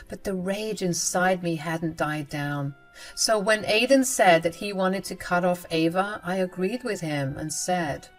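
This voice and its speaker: A woman's voice: lowish voice, poor audio. A young woman narrating her own story in a scripted, confiding and emotional way.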